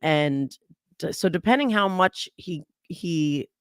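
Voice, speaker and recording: Podcast guest, smooth clear voice, halting restarts, disbelieving laughs, dry sound. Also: mid-range voice, lively intonation, no echo. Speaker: guest legal commentator. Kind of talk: casual analysis on a podcast.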